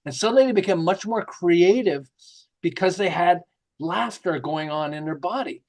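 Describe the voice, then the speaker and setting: A middle-aged man, a marketing author, telling lively stories in an interview and acting out the quotes. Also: high voice, moderate pace. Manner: lively, jokey, acts out quotes with laughs. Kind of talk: animated storytelling interview.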